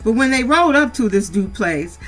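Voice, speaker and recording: With soft music playing behind her, a middle-aged woman from San Diego, USA, speaks briskly in a slightly high voice full of lively intonation. Her casual recap of a reality show is blunt and scolding, packed with swearing aimed straight at the cast.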